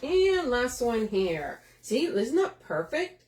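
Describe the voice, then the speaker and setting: A woman's voice: on the high side, big pitch swings, slow pace, few pauses, darkish tone. A chatty woman, hosting a live craft demo, talking to viewers by name and laughing often. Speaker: craft shop host. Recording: echoey room.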